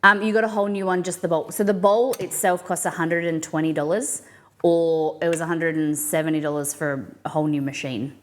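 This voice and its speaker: A woman's voice: low-pitched, little pitch movement, a little fast, a little hiss or hum. A young woman from Australia with a mild, blended Australian accent, chatting casually on a live cooking stream and answering her viewers as she rambles. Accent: mild Australian, mixed and softened.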